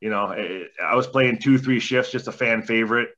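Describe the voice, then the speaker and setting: A man's voice: mid-range voice, normal speed, fairly bright tone. A man in his forties, a former hockey player, telling rambling stories in a podcast interview, laid-back and swearing freely. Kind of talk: casual storytelling interview. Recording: dull lo-fi podcast audio.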